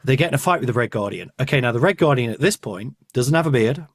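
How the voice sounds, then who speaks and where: Male host, casual comic chat, animated rambling teller, dry studio sound. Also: medium pitch, fast, no room sound. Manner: rambling, animated storytelling with asides. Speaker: podcast host.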